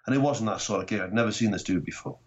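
Fast-talking Welsh man, low voice. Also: dull audio. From Wales. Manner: animated storytelling, swearing, acting out quotes. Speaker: guest comedian. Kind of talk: casual chat.

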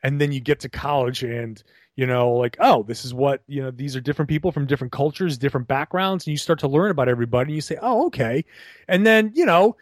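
A man's voice: medium pitch, fast, no echo. A young man from Rhode Island with a trained, neutral broadcast voice, chatting animatedly in a podcast interview, often restarting his sentences. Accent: neutral General American, trained. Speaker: guest, broadcaster and blogger.

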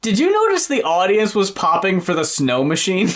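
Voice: mid-range voice, huge pitch swings, normal speed. Blunt, profane podcast co-host. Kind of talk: casual chat.

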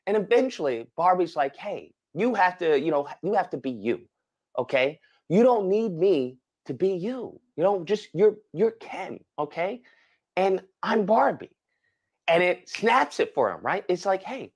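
Man, high voice, very lively pitch, dramatic storyteller, casual podcast chat. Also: moderate pace. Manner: animated storytelling with dramatic exclamations. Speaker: podcast co-host.

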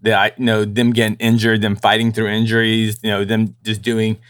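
A man's voice: fairly low pitch, completely flat delivery, fairly quick, a bit bright, smooth, dry recording. Rambling man, dry close sound. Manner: rambling, many restarts, mocking impressions of others. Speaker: combat sports journalist. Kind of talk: casual podcast discussion.

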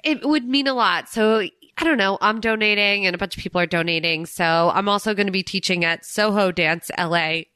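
A woman's voice: mid-range voice, brisk, few pauses, sharp tone, clear, resonant tone, no room sound. A woman hosting a podcast in casual chat, bubbly and effusive, who teaches dance fitness classes. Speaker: podcast host.

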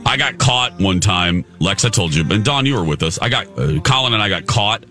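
A man co-hosts a morning radio show. His voice sits low but moves lively through its range, with a bright edge. He jokes about himself in loose, chatty banter as faint music plays behind him. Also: a little fast. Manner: joking, self-deprecating, chatty. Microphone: studio microphone.

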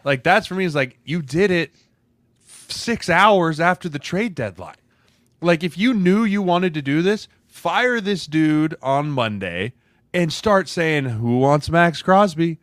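A man's voice: a little high, big pitch swings, a little slow, fairly bright tone, dry recording, clean studio sound. A man co-hosting a sports podcast, making his case in casual chat, tossing in "right?" as he builds each point.

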